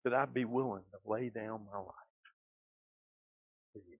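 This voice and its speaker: A man's voice: on the low side, fairly even intonation, a little slow, creaky, slightly rough, dry recording. A man from South Georgia with a Southern accent, preaching a sermon as pastor and building to emphatic repetition. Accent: Southern American (Georgia). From South Georgia, USA. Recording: dull lo-fi sound.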